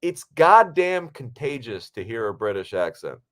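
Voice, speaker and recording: A man co-hosting a podcast, telling a story casually in a lively, profane way. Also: mid-range voice, unhurried. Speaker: podcast co-host and actor. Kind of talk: casual chat.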